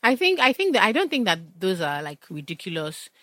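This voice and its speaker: A woman's voice: medium pitch, big pitch swings, brisk, a bit bright, dry recording. A young Nigerian woman with a Nigerian accent in passionate casual conversation, retelling stories and pressing her points. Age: young adult. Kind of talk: casual chat.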